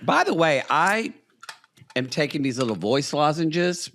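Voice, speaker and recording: Animated man with a lively voice. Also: fairly high pitch, measured pace, a little hiss or hum. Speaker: podcast co-host. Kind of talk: casual comedic recap chat.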